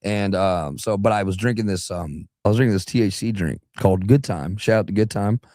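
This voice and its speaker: A rambling young Southern-raised singer, dry mic. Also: male voice, on the low side, fairly quick, warm tone, dry recording. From southeastern Alabama. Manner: rambling, restarts, breaks into voices. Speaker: singer and guest. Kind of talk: casual radio interview chat.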